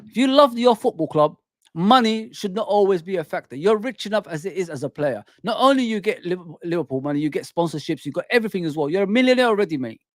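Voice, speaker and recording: A man's voice: high-pitched, lively intonation, quick pace, dry recording, clean studio sound. A man hosting a football fan channel, ranting heatedly and repeating "man" and "people" at his listeners. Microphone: desk microphone.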